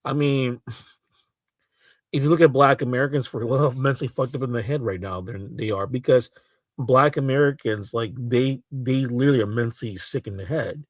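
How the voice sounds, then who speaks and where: A man giving casual, halting reaction commentary on a clip, scoffing and repeating himself. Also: medium pitch, no room sound. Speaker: reaction streamer.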